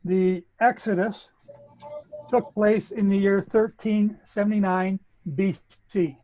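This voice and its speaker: A man's voice: high-pitched, little pitch movement, unhurried, warm tone, highs cut off. A man with a Canadian accent, methodically explaining a bible chronology as a guest speaker. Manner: methodical, lecturing.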